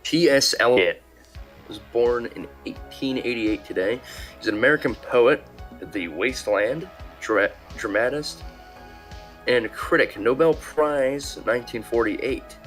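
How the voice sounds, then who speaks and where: A man's voice: medium pitch, a little slow, a bit bright. Laid-back man co-hosting a podcast. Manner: laid-back, brief agreeing replies. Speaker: podcast co-host. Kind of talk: casual chat reading historical dates. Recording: faint music underneath. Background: music.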